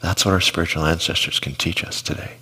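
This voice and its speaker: A pastor preaches a sermon in a church auditorium, telling stories conversationally, making asides to the congregation, and putting questions to them. His voice sits low and is slightly rough, with a steady yet sharp tone and a quick pace, and the recording carries long hall reverb.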